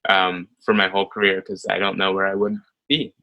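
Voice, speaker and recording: A man in his thirties with an American accent, a ballet dancer telling stories in an interview, animated and full of fillers. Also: low-pitched, brisk, dull audio. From United States. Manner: animated storytelling with frequent fillers and laughs. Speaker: ballet soloist guest. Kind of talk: conversational interview.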